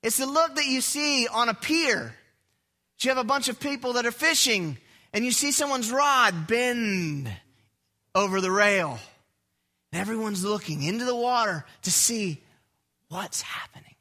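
A man's voice: very high-pitched, expressive, a little slow, sharp tone. A man preaching a sermon, painting a scene with vivid storytelling and asking the congregation questions. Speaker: pastor.

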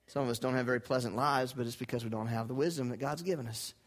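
A male pastor preaching a sermon, putting questions to his congregation and asking them to repeat lines back, swinging from loud emphatic lines to low, quiet ones. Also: fairly even intonation, quick pace. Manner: rhetorical questions and call-and-response with the congregation.

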